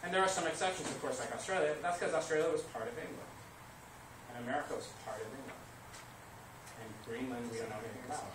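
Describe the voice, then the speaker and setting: A man teaching history to a class, lively, asking questions and answering them himself. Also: mid-range voice, fast. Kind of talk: classroom lecture. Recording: echoey classroom recorded from far off, noisy.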